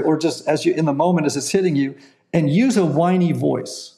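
A man with a heavily gravelly, slightly raised voice talks as an interview guest. He explains his ideas earnestly, often checking in with "right?". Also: a little high, normal speed, warm tone. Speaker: guest, counselor and author. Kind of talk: conversational interview.

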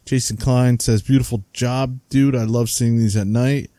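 A man's voice: mid-range voice, steady tone, moderate pace, warm tone, no room sound. Chatty man with a Jersey accent. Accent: New Jersey. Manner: chatty, laughs while reading names. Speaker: podcast co-host. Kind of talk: casual chat, reading listener comments.

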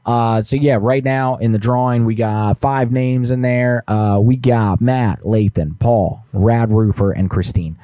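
Man hosting a live stream, mid-pitched, excitable and loose, dry close sound. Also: unhurried, hardly any pauses, dry recording. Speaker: show host.

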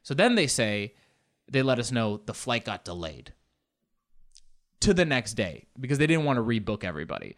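A man hosting a podcast, telling a travel story in a rambling, animated way with sarcastic asides. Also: mid-range voice, normal speed, pauses often. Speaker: podcast host. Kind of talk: comedic storytelling.

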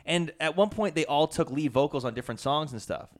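Male podcast co-host, quick casual storyteller, acts out each character. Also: a little high. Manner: animated, acts out quoted people.

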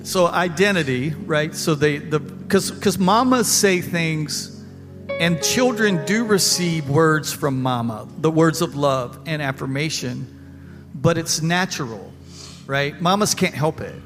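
A man's voice: fairly high pitch, animated, unhurried, big-room sound, over music. A man pastor leading a church panel, speaking in an emphatic, folksy way and repeating himself. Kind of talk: church panel talk, preaching. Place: church service.

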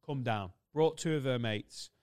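A man's voice: mid-range voice, measured pace. A man hosting a podcast, telling stories in a casual, sweary chat. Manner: animated, sweary storytelling. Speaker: podcast host.

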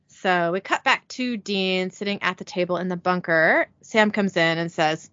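A woman's voice: fairly low pitch, normal speed, hardly any pauses, a bit bright, no room sound, lo-fi sound. A woman co-hosting a podcast, narrating an episode's scenes and dialogue, then chatting casually and laughing with her co-host. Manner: reads out scene dialogue with light voicing, giggly. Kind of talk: casual recap narration and chat.

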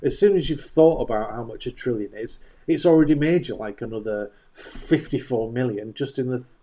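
A man's voice: mid-range voice, brisk, warm tone. Wry man in muffled lo-fi audio. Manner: wry, teasing interjections. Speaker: podcast co-host. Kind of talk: casual chat.

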